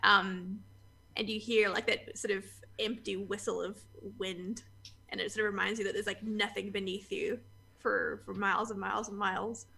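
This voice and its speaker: A woman's voice: medium pitch, level tone, moderate pace, gravelly, bright, forceful tone, breathy edge. A woman narrating a tabletop game as game master, descriptive and full of fillers.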